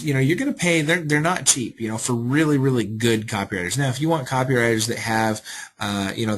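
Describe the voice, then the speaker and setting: A man's voice: on the low side, fairly bright tone, poor audio. A man hosting a live webinar Q&A, upbeat and salesy, reading out viewer questions and answering them. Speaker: webinar host.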